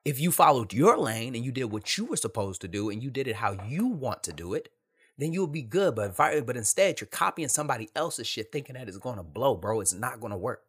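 A man's voice: mid-range voice, sing-song, fairly quick, a bit bright, slightly rough. A man hosting a podcast, talking in a blunt, candid monologue full of slang and repetition. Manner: candid, emphatic, street slang, repeats himself. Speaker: podcast host. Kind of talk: casual monologue.

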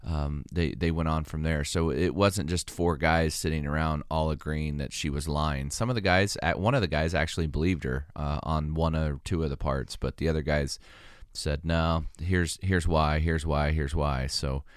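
A man with an extremely deep, smooth and resonant voice chats casually on a podcast. He talks hesitantly, stopping and restarting his sentences. The sound is dry and close. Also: steady tone, moderate pace, no echo. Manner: hesitant, full of fillers and restarts. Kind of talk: casual chat.

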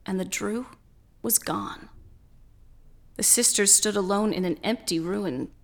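Casting note: woman storyteller for scripted narration, measured pace, gravelly texture. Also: medium pitch.

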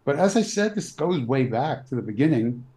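Mellow-voiced man in his sixties. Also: medium pitch, very animated, rough recording. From New York. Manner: measured, blunt opinions. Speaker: physician guest. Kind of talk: interview answers.

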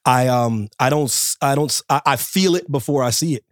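A man's voice: fairly quick, dry recording, clean studio sound. A man co-hosting a podcast in casual chat. He talks in an emphatic, repetitive way and jumps into mocking quoted voices. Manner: animated, emphatic, repeats himself, jumps into high mocking quotes. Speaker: podcast co-host.

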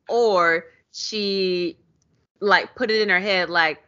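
A young woman hosting a casual recap, animated, acting out quotes and laughing, on a muffled recording. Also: medium pitch, takes it slowly, smooth. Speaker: podcast host. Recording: muffled lo-fi audio.

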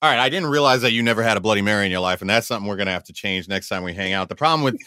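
A man's voice: on the low side, expressive, rapid-fire, sharp tone, clean tone, no echo, studio quality. A man co-hosting a podcast, chatting casually and explaining things at length with frequent restarts. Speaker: podcast co-host. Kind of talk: casual chat.

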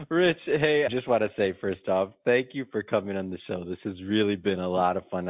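A man's voice: low voice, no room sound. A man hosting a podcast interview, joking and laughing often. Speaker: podcast host. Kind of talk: casual interview chat. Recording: dry phone-like sound.

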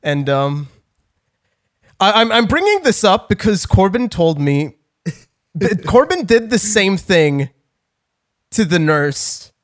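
Young male podcast co-host, slightly high voice, rambling self-mocking storyteller, casual swearing. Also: very animated, slow pace, pauses often. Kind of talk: casual chat.

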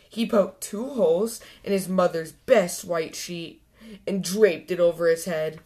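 A woman hosting a children's story channel, reading a picture book aloud clearly and expressively. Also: lowish voice, measured pace, mellow.

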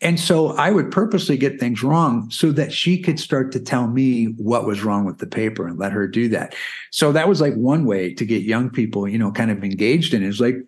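A man's voice: medium pitch, a little fast. Man, forties, podcast interview guest, casual explaining, chatty filler tags. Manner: chatty, explanatory, many "you know" and "right?" tags. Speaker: guest, math curriculum founder.

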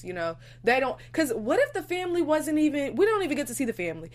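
Woman co-host, animated and emphatic, casual recap chat, "like" in every sentence. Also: fairly high pitch, fairly quick, few pauses.

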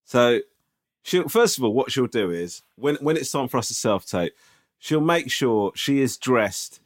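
A man's voice: medium pitch, measured pace. A man in casual podcast chat, telling a story with swearing and lots of asides. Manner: animated storytelling, swears often. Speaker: podcast co-host.

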